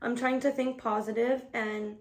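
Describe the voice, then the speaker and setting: A woman's voice: on the high side, steady tone, normal speed. A woman vlogger chatting casually while getting ready, slangy and profane, laughing often. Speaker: beauty vlogger. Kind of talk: casual get-ready-with-me chat.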